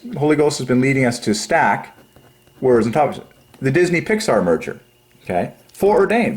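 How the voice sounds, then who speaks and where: A man hosting a religious channel, rambling through a numerology monologue, excitable and giggly, then dropping to low quiet mumbling while he counts. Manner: giggly, excitable, breaks into high laughs. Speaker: religious YouTube channel host.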